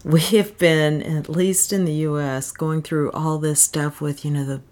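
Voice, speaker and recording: A woman reading a short story aloud with an expressive delivery, and then commenting on it casually. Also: deep voice, unhurried. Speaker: story reader.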